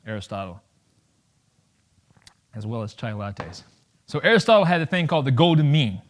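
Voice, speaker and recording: Animated man giving a campus talk. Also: medium pitch. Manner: animated, jokey, acts out quick voices. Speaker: guest speaker.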